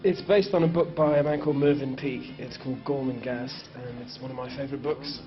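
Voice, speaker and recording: Deadpan jokey male TV guest. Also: mid-range voice, fairly quick, music in the background. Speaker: guest musician and actor. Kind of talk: TV interview. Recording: dull 1980s TV sound.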